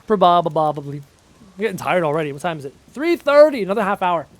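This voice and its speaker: A man's voice: sits high, sing-song, fast. A man live streaming a game, chattily reading viewer questions aloud and answering them, humming little tunes to himself in between. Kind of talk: casual live stream Q&A while playing.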